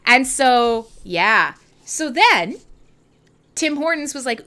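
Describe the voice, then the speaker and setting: A woman livestream host from Canada talking in a loose, rambling way, full of giggles and swearing. Her voice sits fairly high and swings widely in pitch. Her tone is bright and crisp, and she sounds tired and a bit high. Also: animated, a little slow. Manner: rambling, giggly, profane, self-mocking. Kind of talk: casual livestream chat.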